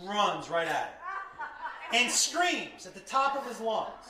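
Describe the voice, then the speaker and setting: A man performing stand-up on stage, telling a profane story with animated delivery and loud bursts of laughter. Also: sits high, slow pace, a crowd in the background. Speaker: stand-up comedian. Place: comedy stage before a live audience. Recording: echoey room, distant mic, audience laughter.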